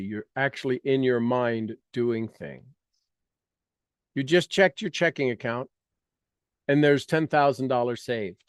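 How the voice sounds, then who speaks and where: A man's voice: mid-range voice, dry recording, clean studio sound. A man leading an online coaching session, guiding listeners through a visualization with coaxing instructions and acted-out reactions. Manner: energetic, coaxing, acts out reactions. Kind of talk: guided visualization workshop. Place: online video call session.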